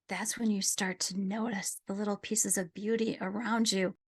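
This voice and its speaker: A middle-aged woman gently telling a personal story in a reflective conversation, dropping at times to a near whisper. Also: mid-range voice, steady tone, moderate pace, few pauses. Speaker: guest sharing a personal story.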